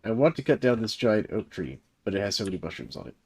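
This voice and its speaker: A man's voice: fairly low pitch, big pitch swings, fast talker, creaky, darkish tone, breathy edge. A man in his thirties from the American South, chatting loosely while gaming on a livestream. He rambles with lots of fillers and chuckles. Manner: rambling, laid-back, many fillers and chuckles. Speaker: livestreaming gamer and server host. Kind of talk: casual chat while playing.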